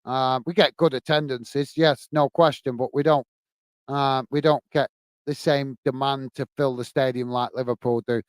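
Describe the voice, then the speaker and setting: A man's voice: mid-range voice, fairly even intonation, normal speed, smooth, no room sound. A man hosting a live football watch-along from home, commentating on the match and chatting with viewers, laughing often. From England.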